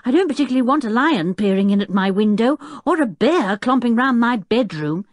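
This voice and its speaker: A woman's voice: fairly high pitch, lively intonation, fairly quick, no room sound, clean studio sound, pitched above the performer's own voice, lightly acted. A woman voicing a timid, sensible young girl who speaks cautiously and earnestly in an audiobook.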